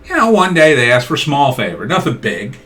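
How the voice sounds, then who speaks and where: Animated man doing a political rant. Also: mid-range voice, a little fast. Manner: acts out both sides of imagined dialogues, animated. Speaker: political commentator. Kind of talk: opinion monologue.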